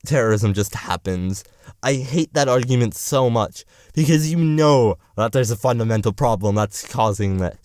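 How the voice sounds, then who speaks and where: A man's voice: mid-range voice, a little mellow, no room sound, clean studio sound. A young man in college rambling through a profane, sarcastic political rant as a vlogger. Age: young adult.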